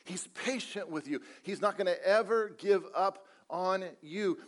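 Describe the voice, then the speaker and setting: A man preaching a sermon to a church congregation, earnest and repetitive, asking rhetorical questions and telling light jokes. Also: high-pitched. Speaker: pastor. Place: church service.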